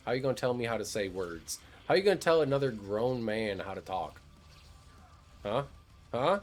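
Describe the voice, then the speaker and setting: A man's voice: medium pitch, lively intonation, moderate pace. A man streaming a game, chatting casually in a laid-back, joking way, swearing freely. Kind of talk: casual gameplay commentary.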